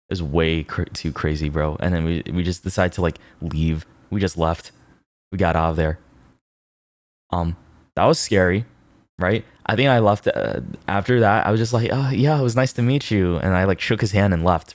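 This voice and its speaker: Rambling male streamer, low voice. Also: fairly even intonation, moderate pace, no room sound. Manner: rambling, lots of "like" and "right?". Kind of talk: casual stream storytelling.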